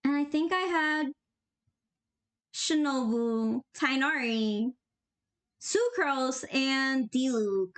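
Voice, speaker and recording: A woman's voice: sits high, very slow, pauses often. A young woman animating on a live stream, chatting casually in a bubbly, giggly, slangy way and reading chat aloud. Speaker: animator streaming while drawing.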